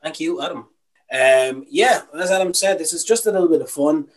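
A man's voice: fairly high pitch, animated, normal speed, rough recording. A young Irish man co-hosting a casual podcast, opinionated and ranting, with some swearing. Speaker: podcast co-host.

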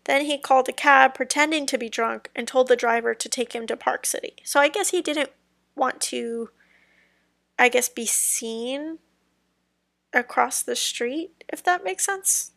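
A woman's voice: high voice, unhurried, gravelly, fairly bright tone, dry recording, studio quality. A young woman hosting a casual true-crime podcast, telling the story in a rambling, hesitant way with many ums and trailing sentences. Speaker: podcast host.

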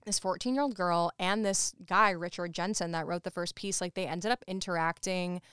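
Chatty woman with a crisp, smooth voice. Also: fairly low pitch, steady tone, normal speed, a bit bright, dry recording, clean studio sound. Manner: chatty, lots of "like", laughs while talking. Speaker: podcast co-host. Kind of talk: casual chat recapping a show.

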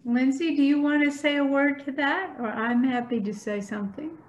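A woman priest with a Southern US accent, speaking thoughtfully and gently in a spiritual discussion over a video call. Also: high-pitched, moderate pace. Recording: roomy echoey sound.

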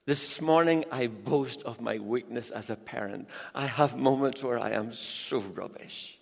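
A middle-aged man preaching a sermon as a pastor, emphatic and animated, with asides to the congregation. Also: medium pitch, measured pace, vocal fry. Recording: long reverb in a large hall.

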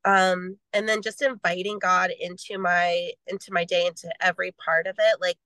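A woman's voice: medium pitch, sharp tone, no echo, rough recording. A young adult woman talking as a podcast guest, earnest and rambling, sharing her faith in a casual way. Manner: earnest, rambling with many "like" fillers.

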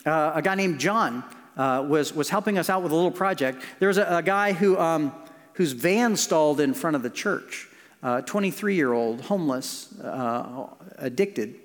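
A man preaching a sermon as pastor, telling stories with restarts and moving between lively and hushed passages. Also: fairly high pitch, normal speed. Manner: storytelling with frequent restarts, swinging between animated and hushed. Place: church sanctuary. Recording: long church reverb.

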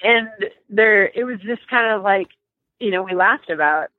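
A woman's voice: mid-range voice, normal speed. Woman telling a story over a tinny line. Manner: animated, laughing, emotional, many restarts. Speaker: guest. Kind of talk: casual storytelling interview. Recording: dry, tinny phone-like line.

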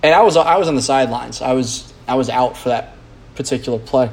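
A man's voice: mid-range voice, brisk, creaky. A man, a podcast host, rambling in a casual monologue, blunt and profane, full of "like" and restarts.

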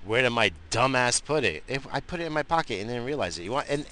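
A man ranting in a casual vlog monologue, profane and excitable, swinging between loud outbursts and low mumbling. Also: quick pace. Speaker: vlogger. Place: outdoors on a morning coffee run.

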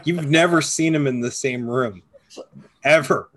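A man's voice: medium pitch, unhurried, fairly bright tone. A man hosting a podcast, ranting and joking in casual chat, swearing freely.

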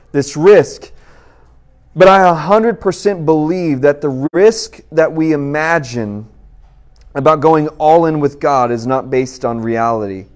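A man's voice: on the high side, darkish tone. A man in his thirties preaching a sermon, telling a personal story in a conversational way and speaking straight to his audience.

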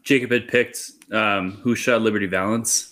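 Chill guy rambling about a movie, low flat voice. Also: moderate pace. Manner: laid-back, rambling with fillers. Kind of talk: casual film-review chat.

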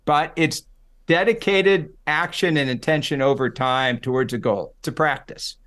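A middle-aged man with a slightly high voice talks easily in an interview, explaining ideas through lively stories. He slips into quoted voices as he goes. The tone stays relaxed and conversational. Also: moderate pace. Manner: animated storyteller, acts out quoted voices. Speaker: psychology professor guest.

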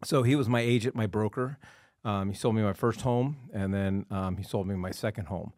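A man hosting a real estate podcast, telling a story in an animated, emphatic way. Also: lowish voice, fairly quick, no room sound, studio quality. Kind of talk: casual chat.

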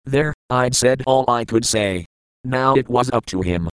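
A man narrating an audiobook in the first person, calm, measured and earnest. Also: medium pitch, clear, resonant tone, no room sound, low-quality recording.

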